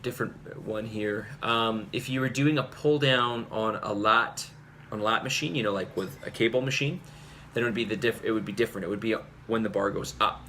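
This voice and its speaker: A man's voice: lowish voice, sharp tone, a little hiss or hum. A male fitness coach giving an earnest, rambling talk to his group, full of fillers and restarts. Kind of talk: casual talk to camera.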